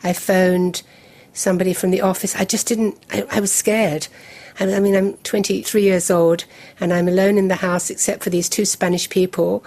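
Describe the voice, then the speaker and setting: A woman, recounting a personal memory in measured, detailed storytelling as an interview guest. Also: mid-range voice, little pitch movement, a little mellow. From England. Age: 70s.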